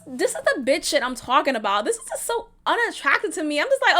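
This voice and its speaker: A woman from Texas hosting a podcast, telling a dating story at home in a blunt, profane, animated way. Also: high-pitched, fast talker, few pauses. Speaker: podcast host. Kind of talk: casual storytelling monologue.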